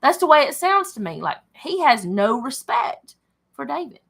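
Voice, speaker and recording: A woman's voice: high voice, sing-song, moderate pace, creaky, a bit bright. A woman leading a home Bible study, reading scripture aloud and chatting about it as she thinks aloud and corrects herself.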